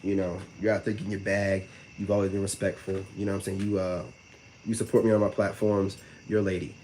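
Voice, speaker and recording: A man on a live stream talks loosely and fast to his chat, leaning on slang and the repeated phrase "you know what I'm saying." His lowish voice is a little mellow, and slight background noise can be heard.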